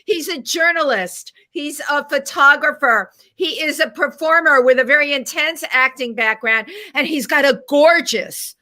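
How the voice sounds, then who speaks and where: A woman's voice: high-pitched, unhurried, hardly any pauses, bright, forceful tone. A middle-aged woman co-hosting a casual chat show, gushing and laughing often as she talks with her guest. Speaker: co-host.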